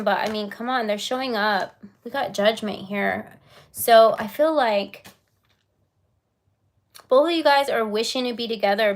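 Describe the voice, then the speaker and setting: A woman giving a casual live-stream tarot reading, chatty and giggly with lots of fillers. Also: fairly high pitch.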